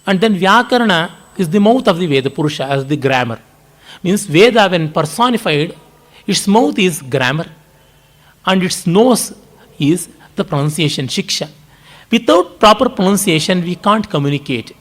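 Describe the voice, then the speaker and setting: Indian man lecturing, fairly high voice. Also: lively intonation, fairly bright tone. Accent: Indian English, Kannada. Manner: measured, explanatory, frequent "uh" pauses. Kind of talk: public lecture on culture. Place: lecture hall.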